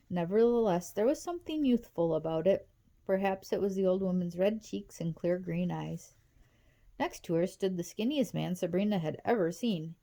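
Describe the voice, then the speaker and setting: A woman reading a novel aloud in a steady, even storytelling manner. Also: on the low side. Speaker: audiobook reader.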